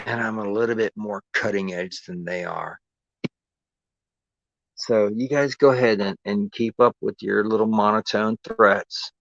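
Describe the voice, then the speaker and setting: A man in the middle of a sarcastic, confrontational rant on his own stream, circling back over the same points. His voice sits at an ordinary pitch. The sound is dry and a little dull, like lo-fi stream audio. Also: no room sound. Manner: sarcastic, confrontational, repeats himself. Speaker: live streamer. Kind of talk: angry ranting monologue.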